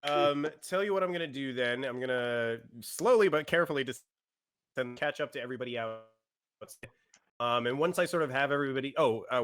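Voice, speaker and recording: A man's voice: medium pitch, fairly bright tone. A man playing a tabletop game, talking in a rambling, jokey way with many fillers. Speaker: player. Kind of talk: casual tabletop play.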